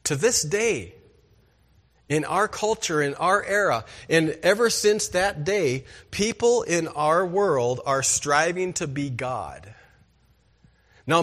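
A man's voice: on the high side, a bit bright. A man preaching a sermon as pastor, emphatic and asking the congregation rhetorical questions.

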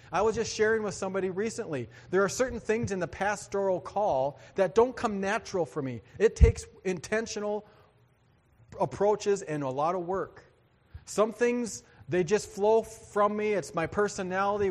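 A man's voice: fairly high pitch, in a large hall. A male pastor preaching a sermon in a church, in a conversational way with joking asides to the congregation.

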